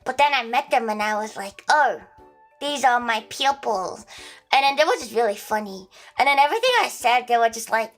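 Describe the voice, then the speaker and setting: A woman's voice: a little high, animated, fast, few pauses, faint music behind. A young woman with an Australian accent telling a rambling story casually on a livestream, full of restarts and fillers.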